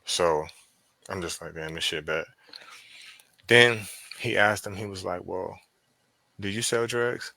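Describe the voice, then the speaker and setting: A man with a Pennsylvania accent, a podcast guest telling a story in casual chat, profane and animated as he acts out quoted dialogue. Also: low voice, slow pace, creaky, long pauses, no room sound.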